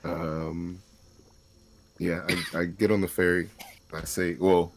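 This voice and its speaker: Deep-voiced man playing a tabletop game. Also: takes it slowly, background noise. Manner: animated, laughing. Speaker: player. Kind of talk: casual tabletop play.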